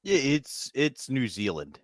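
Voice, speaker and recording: A man's voice: mid-range voice, sing-song, slow pace, no echo. A man co-hosting a comedy podcast, chiming in with dry one-liner quips in casual banter. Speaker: podcast co-host.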